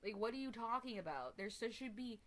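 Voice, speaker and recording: A woman's voice: fairly high pitch, expressive, brisk, a bit bright. A woman streamer chatting casually to her viewers, rambling and emphatic, with casual swearing. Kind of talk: casual live stream chat.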